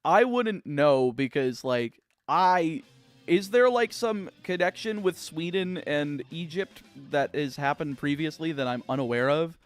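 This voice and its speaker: A man's voice: fairly high pitch, animated, a little slow, faint music behind. A young American man chatting on a game livestream, answering viewer comments in a rambling, sarcastic way with lots of restarts. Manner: rambling, sarcastic, many restarts and filler words. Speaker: streamer. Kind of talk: casual livestream chat reading viewer comments.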